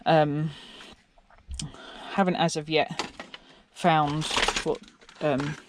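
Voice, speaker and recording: This English scrapping vlogger meanders through casual commentary as she dismantles electronics, turning to her viewers with questions. Her low voice barely moves in pitch and goes very slowly, with a slight hiss or hum.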